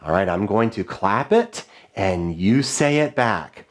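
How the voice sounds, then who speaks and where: A male music teacher leading children through rhythm dictation, chanting rhythm syllables in a high sing-song and giving clear, encouraging call-and-response instructions. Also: animated, slow pace. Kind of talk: online music lesson for children.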